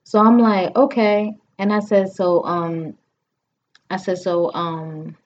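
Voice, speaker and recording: Taking it slowly, a thirtysomething podcast host with a medium-pitched voice recounts a story in casual chat. She animatedly performs the other people's lines and uses many fillers, on a dull lo-fi recording with slight background noise.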